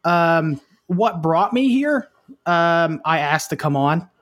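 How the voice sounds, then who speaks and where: A man's voice: on the high side, lively intonation, slow pace, a bit bright. A man guesting on a podcast panel in casual chat, joking and mocking himself.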